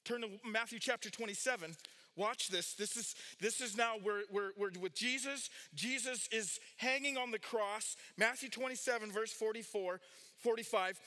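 Animated high-pitched man preaching. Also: moderate pace. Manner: animated preaching, rising loud on key points, dropping low and quiet for asides. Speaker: pastor. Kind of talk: sermon.

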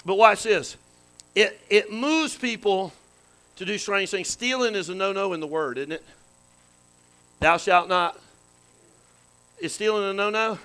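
A man preaching in a church, his voice pitched high and ringing bright. He keeps it folksy, tossing questions and amens to the congregation. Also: unhurried, long pauses, clean tone, low-quality recording. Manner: folksy, calls to the congregation with frequent "amen" and questions. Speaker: pastor. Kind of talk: sermon. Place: church sanctuary.

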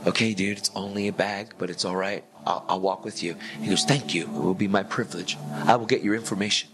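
A man preaching and telling a personal story in a casual, animated way, acting out both sides of a conversation with slang. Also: on the low side, fast talker. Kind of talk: sermon testimony storytelling. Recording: music bed underneath.

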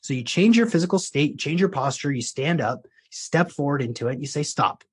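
A man's voice: fairly high pitch, animated, fairly quick, breathy edge. A man, a life coach, talking as a podcast guest and telling a long story in a loose, rambling way with frequent restarts. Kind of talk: conversational storytelling.

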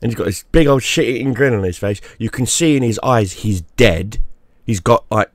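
A man's voice: lowish voice, moderate pace, no echo, clean studio sound. A man giving a crude, mocking rant straight to the camera, often repeating himself for emphasis. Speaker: YouTube gaming creator. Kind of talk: profane ranting monologue.

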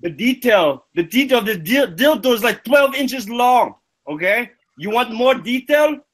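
A man's voice: extremely high pitch, expressive, unhurried. A man on a livestream making an indignant, swearing prank phone call and repeating himself.

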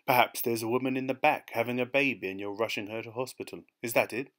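A man voicing a big, menacing motorcycle policeman who talks softly and mockingly, then barks orders. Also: on the low side, normal speed, natural voice. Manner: soft and mocking, then barking.

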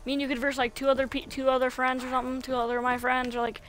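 A woman's voice: high-pitched, monotone, racing, a bit bright, a little hiss or hum. A woman streaming a video game, chatting casually and coaxing, repeating herself a lot. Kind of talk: casual live-stream chatter while playing.

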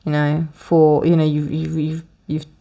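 A woman's voice: deep voice, monotone, a little slow, gravelly, dark tone. A woman giving a casual tarot reading, rambling with many restarts and fillers. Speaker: tarot reader. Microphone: close, dry room with windows closed.

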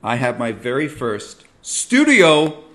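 A middle-aged man hosting a comic monologue, ranting and self-mocking with sudden loud yells. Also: mid-range voice, wildly swooping pitch, slow. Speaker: comedian host.

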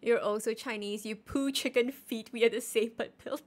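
Late-twenties woman streamer, loose and teasing, laughs at herself, voice sits a bit high. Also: normal speed, hardly any pauses. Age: late 20s. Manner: animated, joking and self-mocking. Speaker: game streamer. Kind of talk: casual live-stream chat.

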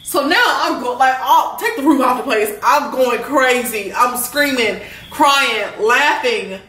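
A young woman, telling an animated, rambling storytime full of slang and filler words. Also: high-pitched, unhurried, reverberant, distant mic, a little hiss or hum, low-quality recording. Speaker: vlogger. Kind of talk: storytime while eating.

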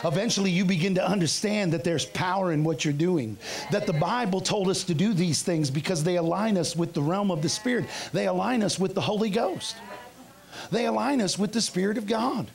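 A middle-aged male pastor preaching a revival sermon, telling stories and acting out his own past outbursts with shouts, in a church. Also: sits high, brisk, creaky. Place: church sanctuary.

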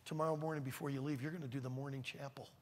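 A man voicing a calm, insistent male friend who speaks low and matter-of-fact. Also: very fast, natural voice. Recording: reverberant large hall.

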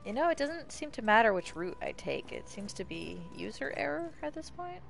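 A woman streaming live gameplay commentary, swearing freely and yelling at the game. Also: a little high, sing-song, normal speed, gravelly, loud music behind the voice. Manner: profane, exclaiming, talks to the game.

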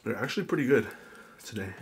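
A man's voice: on the low side, animated, fast talker. A young man chatting casually with viewers while eating a big meal on camera, talking between bites. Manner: quiet murmured prayer. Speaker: mukbang vlogger. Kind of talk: casual eating vlog chat.

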